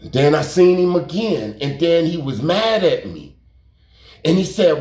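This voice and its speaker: A man's voice: on the high side, very animated, measured pace, a little mellow. A man telling a story in a casual, rambling way, repeating himself, using slang and cursing for emphasis. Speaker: YouTube storyteller. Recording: roomy echo.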